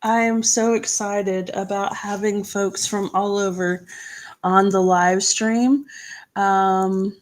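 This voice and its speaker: A woman's voice: mid-range voice, steady tone, slow pace. A woman hosting a crafting live stream, chatting casually, reading viewer comments aloud and laughing easily as she works.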